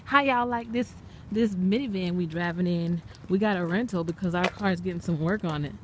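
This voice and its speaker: A woman's voice: lowish voice, moderate pace, a little hiss or hum. A mother chatting animatedly in a casual vlog, recorded on a phone inside a moving minivan. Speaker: mother and vlogger. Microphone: phone camera.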